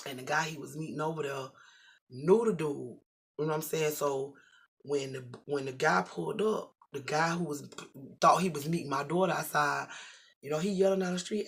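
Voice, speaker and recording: A middle-aged vlogger telling a story to the camera in a casual, animated and profane way, acting out the voices in the story. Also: medium pitch, normal speed, gravelly, breathy edge.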